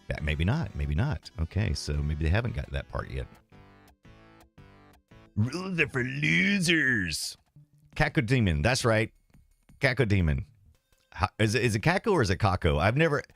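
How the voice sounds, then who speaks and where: A man streaming retro games, rambling casually and self-deprecatingly as he reads and answers his chat. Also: low-pitched.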